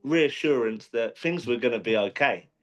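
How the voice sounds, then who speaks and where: A professional boxer being interviewed, talking casually with many restarts and fillers. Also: male voice, medium pitch, animated, normal speed. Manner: rambling, frequent restarts and fillers.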